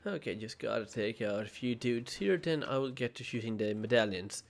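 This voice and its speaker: A man's voice: medium pitch, lively intonation, normal speed, creaky. Casual, self-mocking male gamer. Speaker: gaming channel host. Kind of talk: let's play commentary. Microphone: desk mic with webcam.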